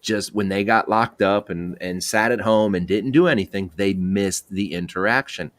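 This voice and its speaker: Male host, low voice, dry close sound, encouraging and rambling. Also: moderate pace, dry recording. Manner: encouraging, repeats himself. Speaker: podcast host. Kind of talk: casual chat.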